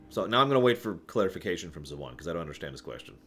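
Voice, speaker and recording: A man's voice: low-pitched, gravelly, a bit bright. A man answering viewer questions on a casual live stream, rambling, correcting himself and chuckling as he goes.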